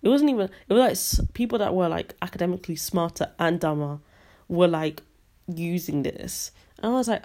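Ranting young woman with vocal fry. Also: fairly low pitch, normal speed. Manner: animated, ranting, slangy. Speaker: podcast host. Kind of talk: casual storytelling monologue.

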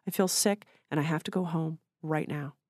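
A woman's voice: deep voice, moderate pace, a little mellow, dry recording, clean studio sound. A woman voicing an unhappy young woman who wants to leave a party, speaking in a small, subdued way. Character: miserable young woman wanting to go home.

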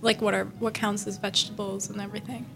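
A teenage girl as a guest in a casual radio chat, talking in a calm, matter-of-fact way. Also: medium pitch, quick pace, soft background music.

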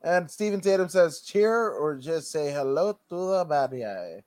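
A man's voice: fairly high pitch, animated, unhurried, darkish tone, no room sound. A man co-hosting a fight show, chatting casually with loose, profane, joking asides. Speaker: MMA show co-host.

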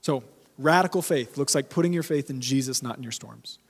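A man's voice: medium pitch, brisk, husky, big-room sound. A man preaching a sermon as pastor, conversational and emphatic, repeating key phrases for weight.

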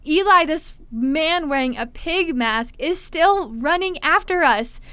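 A young woman telling a story in casual chat, animated, acting out quotes and saying "like" a lot. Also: high voice, takes it slowly, no echo. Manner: animated, acts out quotes, heavy filler "like". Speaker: storyteller guest.

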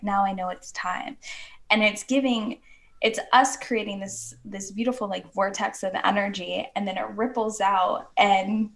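Gravelly-voiced woman in earnest chat. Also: mid-range voice. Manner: earnest, flowing, many "like" fillers. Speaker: podcast guest, women's coach. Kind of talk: casual podcast chat.

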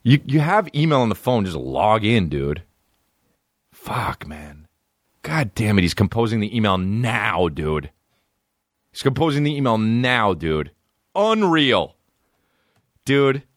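Deep-voiced guy hosting a comedy podcast, swears a lot, voice jumps all over, dry studio sound. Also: sing-song, slow, pauses often, dry recording. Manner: profane, mocking, swings between mumbling and outbursts. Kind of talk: crude rambling comic chat.

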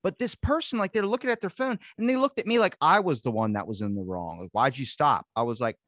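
A man hosting a podcast in casual chat, telling animated stories full of swearing and acted-out quotes. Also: high voice, quick pace, no echo, clean studio sound. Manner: animated storyteller, swears constantly, acts out quotes. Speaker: podcast host.

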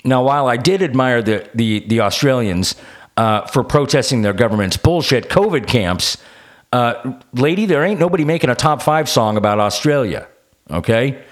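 A man's voice: mid-range voice, expressive, normal speed. A man hosting a podcast, delivering a combative, sarcastic rant with plenty of swearing. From United States. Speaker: podcast host. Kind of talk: ranting podcast monologue.

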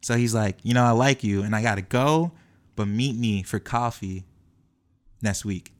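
A young man animatedly telling a personal story, acting out the quoted lines of the people in it. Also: fairly low pitch. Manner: acts out quoted dialogue, quick and lively. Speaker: guest telling his story.

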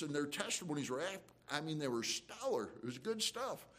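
A man's voice: a little high, expressive, brisk, few pauses, fairly bright tone. A man preaching a sermon as pastor, conversational and fervent, with emotional surges, frequent restarts and folksy asides.

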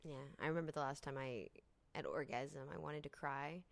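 Low-voiced woman host, dry sound. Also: normal speed, vocal fry, no echo. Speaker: podcast host. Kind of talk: casual interview chat.

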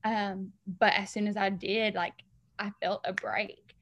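A woman's voice: medium pitch, flat delivery, a little slow, fairly bright tone. Earnest woman telling her story. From Alabama, US. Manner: earnest, emotional storytelling with frequent "like" and "um". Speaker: interview guest. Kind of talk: personal faith testimony.

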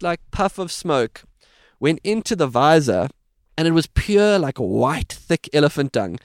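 A man's voice: fairly high pitch, clean tone, no room sound, clean studio sound. A man telling a vivid, dramatic story as a podcast guest. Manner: vivid, dramatic retelling with voiced sounds. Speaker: podcast guest, safari guide. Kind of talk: animated storytelling.

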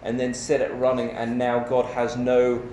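A man preaching a sermon in a measured, emphatic way, asking rhetorical questions. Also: mid-range voice, completely flat delivery, dark tone, a little hiss or hum. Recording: echoey church hall with faint ambience.

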